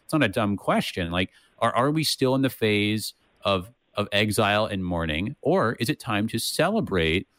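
A man with a somewhat low voice talks through a Bible passage in a relaxed, conversational way. He restarts his sentences often and keeps checking in with "right?". The recording is close and dry. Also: normal speed, hardly any pauses, dry recording. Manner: thinks aloud with many restarts and "right?" tags. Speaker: co-host of a Bible study podcast. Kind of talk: casual Bible discussion.

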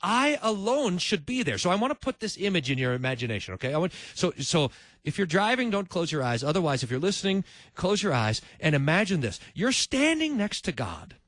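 A male preacher giving a sermon in animated storytelling style, acting out each voice. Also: fairly high pitch, brisk, no echo.

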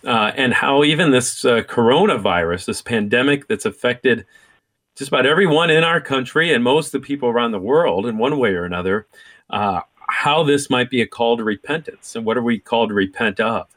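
A man hosting a faith talk show, speaking in a measured, thoughtful way. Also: medium pitch, a bit bright. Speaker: radio show host.

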